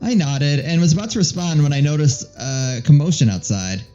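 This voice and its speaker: Male let's-play host, mellow voice, dull recording with soft music. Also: on the high side, expressive, fairly quick. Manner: playful, laughing, reads the narration. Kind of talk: reading a visual novel aloud with a partner.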